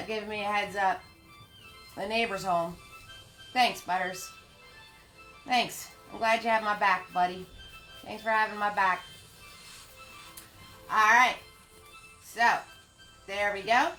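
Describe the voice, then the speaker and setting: A woman's voice: fairly high pitch, bright, forceful tone. A woman hosting a live painting lesson from her home. She chats with viewers, greets them by name and laughs often. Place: home studio.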